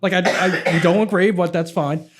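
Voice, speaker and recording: A man's voice: high voice, fairly even intonation. A man from Philadelphia, a political activist guest, telling a story in casual podcast chat with lots of restarts. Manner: earnest, halting storyteller with many restarts.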